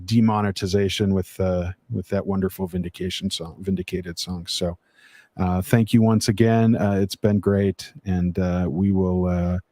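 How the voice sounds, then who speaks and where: A man's voice: fairly low pitch, mellow, dry recording. A man hosting a casual livestream chat, rambling with many "uh" fillers, speaking on a video call mic. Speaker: livestream host.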